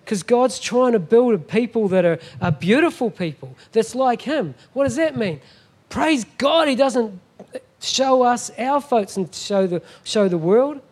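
A man's voice: very high-pitched, animated, measured pace, a little mellow. A middle-aged man preaching a sermon as a guest pastor, emphatic and often asking the congregation "Amen?".

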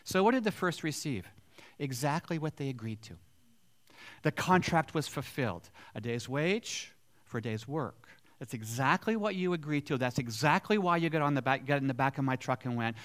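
A man's voice: mid-range voice, expressive, moderate pace, a bit bright. A male pastor giving a sermon in a conversational way, often asking his congregation rhetorical questions.

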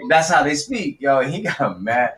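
A man's voice: on the high side, sing-song, normal speed, recorded from a distance, crowd noise. A man from New Jersey and New York co-hosting a sports podcast, telling a laid-back story and laughing often. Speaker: podcast co-host. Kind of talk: casual group chat. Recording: roomy, off-mic with faint noise.

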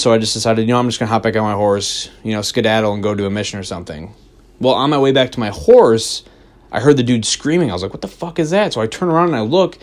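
A man on a podcast rambling excitedly about a video game, swearing freely and restarting his sentences. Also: lowish voice. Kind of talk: casual podcast chat.

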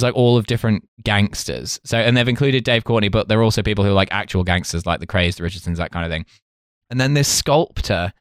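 A man's voice: mid-range voice, dry recording, studio quality. A man, co-hosting a podcast in casual chat, rambling, swearing and mimicking voices. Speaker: podcast co-host.

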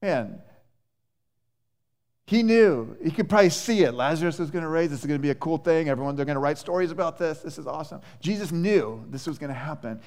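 Male pastor, casual animated sermon, frequent restarts, fairly high voice, echoey church hall. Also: fairly quick. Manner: conversational, animated, many restarts and fillers.

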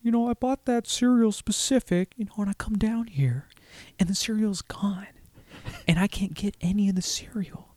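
A man doing an impression of a famous actor as a timid, upset guy, talking softly and slipping into whispers. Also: high voice, moderate pace, dry recording, voice pushed up. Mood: aggrieved. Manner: soft, hushed, drifting into whispers.

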